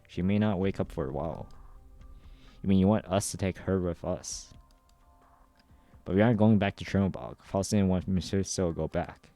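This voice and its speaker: A man streaming a readthrough of a game's story, reading every part in a steady, even way. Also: sits low, normal speed, long pauses, dry recording, faint music behind. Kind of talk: dramatic readthrough of game dialogue.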